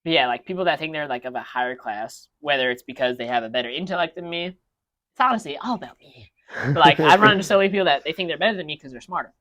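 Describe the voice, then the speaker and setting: A man's voice: on the high side, expressive, fast, bright, forceful tone. Rambling young-sounding man ranting casually. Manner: rambling, many restarts and fillers. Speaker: podcast co-host. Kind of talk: casual rant among friends.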